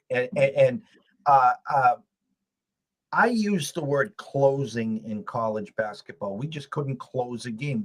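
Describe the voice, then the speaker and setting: Man, mid-pitched, chatty host, stammers into his sentences. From United States. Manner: chatty, repeats words when starting sentences. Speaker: podcast host. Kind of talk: casual sports betting chat.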